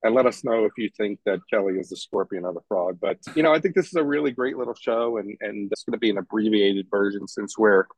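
A man's voice: lowish voice, fast, few pauses, rough recording. A man cohosting a podcast in casual chat, ribbing his cohost and telling stories. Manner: ribbing, storytelling. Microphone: travel mic, from an airport.

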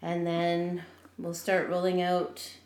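A woman's voice: fairly low pitch, monotone, slow pace, a little mellow. A middle-aged woman, co-hosting a podcast in casual chat, rambling with fillers and restarts. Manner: chatty, many fillers and restarts. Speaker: podcast co-host. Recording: echoey room.

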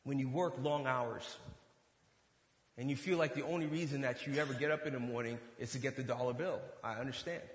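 A man preaching a sermon, telling a personal story and acting out the dialogue with lively energy. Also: medium pitch, fairly quick, roomy sound, in a large hall. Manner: animated storytelling, acts out dialogue. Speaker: pastor.

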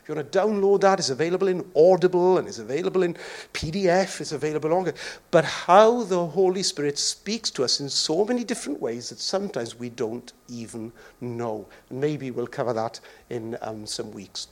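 A man's voice: a little high, brisk. A man preaching a sermon as pastor, joking and acting out voices along the way. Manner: jokey, animated, acts out voices.

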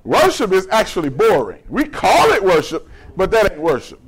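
Male pastor, high voice, folksy conversational sermon with humor and call-and-response. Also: wildly swooping pitch, normal speed, breathy edge.

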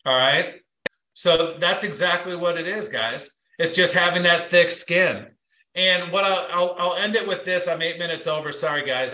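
In an echoey room, captured on a rough recording, a middle-aged guest speaker with a higher-leaning voice gives a motivational business talk. He's a lively storyteller who performs the quotes in his anecdotes.

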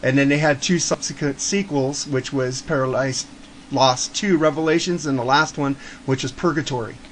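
A man's voice: mid-range voice, normal speed, a bit bright, a little hiss or hum. A man hosting a podcast who leads the segments and jokes around casually. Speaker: podcast host. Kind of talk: casual chat.

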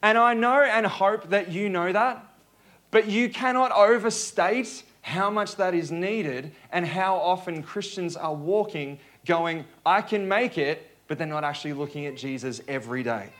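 A man's voice: sits high, unhurried, a bit bright. A male pastor preaching a sermon in a conversational way, joking with the congregation.

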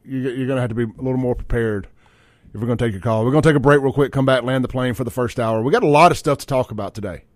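A man's voice: mid-range voice, rapid-fire, dry recording, studio quality. A man hosting a political talk radio show, blunt, fired-up and folksy.

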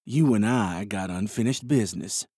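A man voicing a smug, menacing male outlaw who talks in a low, slow drawl. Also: warm tone, slightly rough, no echo, clean studio sound.

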